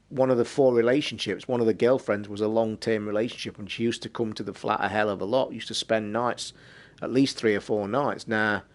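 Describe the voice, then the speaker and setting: Foul-mouthed British man, rambling story. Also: mid-range voice. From United Kingdom. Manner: swears constantly, rambling and animated. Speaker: streamer and podcast host. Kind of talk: casual storytelling on a live stream.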